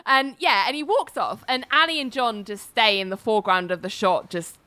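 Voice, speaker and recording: A woman's voice: a little high, moderate pace, bright, forceful tone. A woman, casually retelling a TV episode as a podcast host, acting out the characters' lines with laughs. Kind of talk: casual chat.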